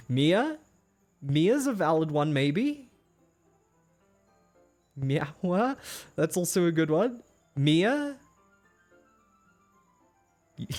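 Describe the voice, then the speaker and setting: A man live-streaming a game who chats with viewers, laughs often and stammers when he gets flustered. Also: a little high. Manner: giggly, excitable, laughs often. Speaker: livestreamer. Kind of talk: casual live-stream chat, reading chat aloud.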